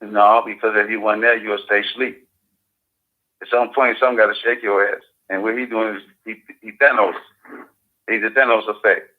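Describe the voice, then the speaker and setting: A man's voice: fairly low pitch, fairly even intonation, normal speed. Profane man talking loosely on phone-quality radio. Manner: loose, profane street talk. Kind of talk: casual radio talk. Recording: phone-like lo-fi audio.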